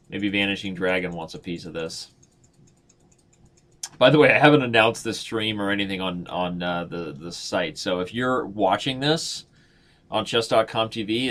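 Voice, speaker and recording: A man in his thirties with a lowish voice talks through his games in a loose, chatty way. He jokes at his own expense and thinks aloud as he goes. The tone is casual live-stream commentary. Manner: chatty, joking, self-mocking, thinks aloud. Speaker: chess streamer.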